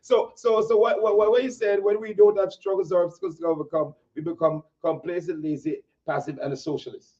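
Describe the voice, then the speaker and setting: A man with a Jamaican accent hosting an interview, agreeable and quick to affirm his guest. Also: high voice, steady tone, dark tone. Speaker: host. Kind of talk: interview talk. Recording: distant dull mic.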